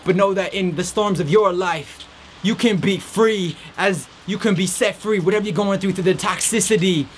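High-voiced man giving an earnest pep talk. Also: normal speed, a little hiss or hum. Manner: earnest, encouraging, preachy. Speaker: podcast host. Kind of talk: motivational faith talk. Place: outdoors in a rainstorm.

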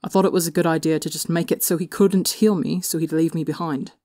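A woman voicing a weary, remorseful young man who speaks quietly and sheepishly. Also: on the high side, steady tone, fast talker, no room sound, clean studio sound, lightly acted. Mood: subdued.

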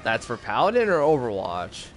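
A man's voice: mid-range voice, wildly swooping pitch, normal speed, soft background music. A man chatting casually in a rambling way while streaming gameplay. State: has the hiccups. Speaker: gaming streamer.

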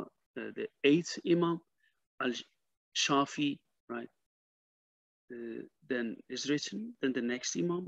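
A man who studies historic arms, giving an explanatory video lecture, pausing often and correcting himself as he translates inscriptions. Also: mid-range voice, creaky, no room sound, dull audio. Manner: halting, self-correcting, translating as he goes.

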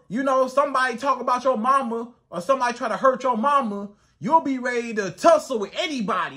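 A man giving dating advice as a coach, talking emphatically and piling up rhetorical questions. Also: very high-pitched. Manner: animated, swings into acted outbursts. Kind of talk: advice monologue to camera.

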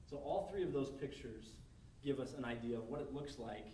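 A medium-pitched, mellow male voice at normal speed belongs to a pastor giving a conversational sermon to his congregation, complete with acted-out quoted scenarios. The setting is a church service hall, captured from a distance in an echoey room with slight background noise.

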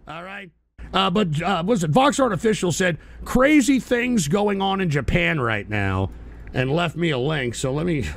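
A man hosting a live talk radio stream, ranting combatively with profanity and bursts of shouting. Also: fairly high pitch, gravelly. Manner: mocking whiny impressions of critics.

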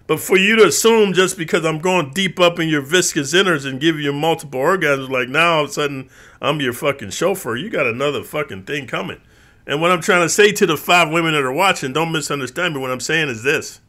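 A man hosts his own show and rants straight to his viewers, swearing freely and dropping "bro" at every turn. His voice is bright and forward, and he keeps slipping into mimicked voices of the people he complains about. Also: a little high, brisk. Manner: profane, streetwise, says bro a lot; lively, mimics others in quoted voices. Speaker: channel host. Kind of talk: ranting monologue to viewers.

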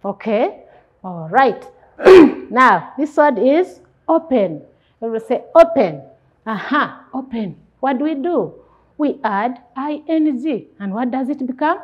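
A woman's voice: high voice, big pitch swings, slow pace, slightly rough. A woman teaching an English lesson to young children, speaking in a sing-song teacher manner and asking and answering her own questions. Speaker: primary school English teacher. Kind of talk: classroom lesson. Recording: dull lo-fi recording.

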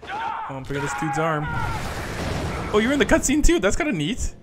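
A man with a somewhat high, very lively voice talks casually while playing a game. He laughs often and stammers as he restarts his sentences. Gunfire and game noise sound loudly behind him. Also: brisk. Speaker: gaming co-host. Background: game gunfire and ambience.

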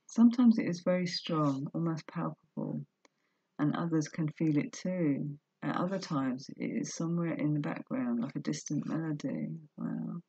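A woman with a low, husky voice reads a book aloud on her vlog and pauses for earnest, confessional commentary. The recording is dry and dull, like a lo-fi home setup. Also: animated, warm tone, no room sound. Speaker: vlogger reading a book aloud. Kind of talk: reading aloud with personal commentary.

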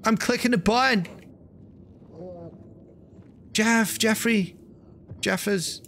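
Man, game streamer, crude jokes, slow drawl, high-ish voice, noisy background. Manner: crude, joking, excitable outbursts. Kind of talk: live gameplay commentary.

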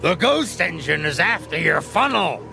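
A man's voice: medium pitch, sing-song, slow, vocal fry, music in the background, heavily acted. A man doing a sneering, teasing diesel engine. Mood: mock alarm. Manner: mocking, taunting.

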